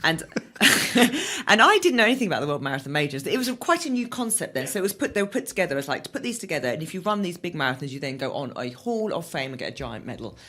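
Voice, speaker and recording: A middle-aged woman as an interview guest, telling stories in a casual, animated way and laughing often. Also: low-pitched, fast talker.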